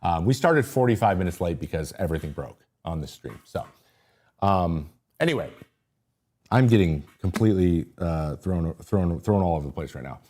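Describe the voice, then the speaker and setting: A male podcast host giving a casual livestream breakdown of pitchers, excitable and easily sidetracked, often interrupting himself. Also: moderate pace.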